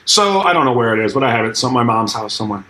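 A man's voice: mid-range voice, lively intonation, very fast. A middle-aged man, a drummer, casually telling a story in an interview, acting out quotes and swearing freely. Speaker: guest drummer. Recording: echoey room with faint noise.

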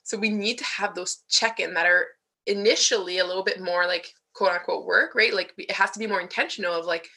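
Bright, upbeat woman podcast host. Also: on the low side, a little fast. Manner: enthusiastic, heavy use of "like". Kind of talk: casual conversational interview.

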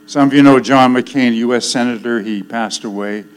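An older man preaching a sermon, swinging between loud declarations and hushed, solemn passages. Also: medium pitch, little pitch movement, normal speed, few pauses, rough recording.

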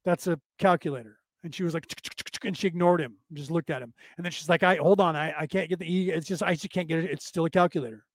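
A man's voice: on the high side, fast, hardly any pauses, no room sound. A man hosting a podcast class, talking in a rambling, sarcastic monologue with profanity, acting out quoted exchanges. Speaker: podcast host teaching a class. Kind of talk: casual lecture-style monologue.

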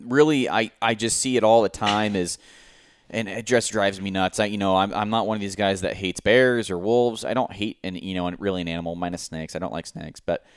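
A man hosting a podcast, rambling and halting with many restarts. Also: fairly low pitch, smooth, dry recording. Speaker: podcast host. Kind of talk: casual podcast conversation.

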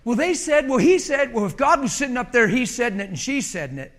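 A pastor preaching with folksy humor and plain, colloquial talk. His voice is unusually high for a man and bright, with a forceful, sharp edge. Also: expressive, fast. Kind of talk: sermon.

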